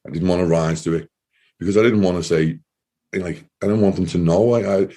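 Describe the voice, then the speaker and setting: A man, an interview guest and former soldier, telling his own story in a halting way and acting out past exchanges in quotes. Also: deep voice, dark tone. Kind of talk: personal storytelling in conversation.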